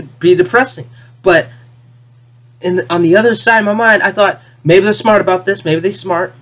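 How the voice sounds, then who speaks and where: A video creator in an unscripted, exasperated rant, repeating points, firing off rhetorical questions and swinging between loud outbursts and low muttering. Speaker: video creator ranting about a cartoon finale.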